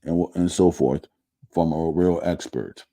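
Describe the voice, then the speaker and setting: A man hosting a casual live stream, talking in a halting way with many restarts and fillers. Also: extremely low pitch, mellow. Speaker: show host.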